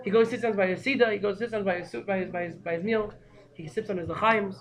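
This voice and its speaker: A man teaching a storytelling Torah class, who gets excited and breaks into shouting. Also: high voice, quick pace. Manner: excitable, breaks into shouting, mixes Hebrew and Yiddish terms.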